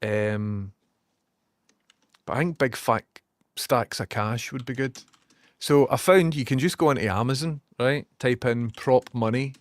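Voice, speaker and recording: A man's voice: medium pitch, a little slow, dry recording. A young Scottish man hosting a livestream, rambling casually and swearing as he reads out viewer comments. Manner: chatty, sweary, rambling asides. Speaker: livestream host.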